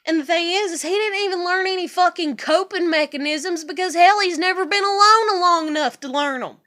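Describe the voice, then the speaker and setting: A woman with a high voice ranting straight into a personal vlog. She is blunt and swears freely. She sounds heated and passionate, and her speech rambles from point to point. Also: brisk, pushed and bright. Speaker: vlogger.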